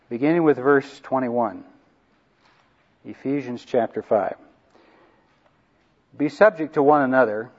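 A man's voice: mid-range voice, darkish tone. Earnest guy teaching a bible passage, kinda muffled lo-fi sound. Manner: earnest, emphatic repetition of key lines. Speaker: speaker teaching on marriage. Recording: dull lo-fi recording.

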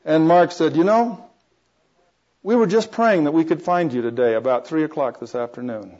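An older man gives a personal testimony in a sermon, circling back and restarting sentences as he tells his story with small chuckles. His voice sits fairly high for a man. The recording is dull and lo-fi. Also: moderate pace, a little mellow. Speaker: preacher.

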